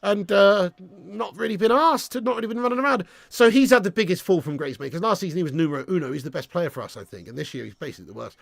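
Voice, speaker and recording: A man hosting a live football watch-along, sweary and ranting, bantering with viewers in the chat and shouting at chances on goal. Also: sits high, animated, quick pace, gravelly, few pauses, no room sound. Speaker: fan channel host.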